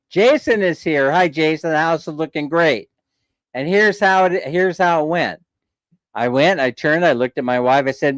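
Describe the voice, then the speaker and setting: A man's voice: fairly high pitch, moderate pace, dry recording, low-quality recording. A man hosting a live stream, telling a long story in a chatty, jokey way and laughing along. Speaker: vlog host.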